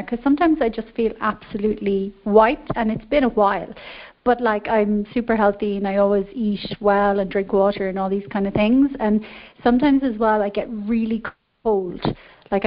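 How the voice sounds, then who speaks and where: An Irish woman calling in to a show, chatty and upbeat. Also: medium pitch. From Ireland. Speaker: caller. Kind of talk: casual phone-in chat. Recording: dull lo-fi call audio.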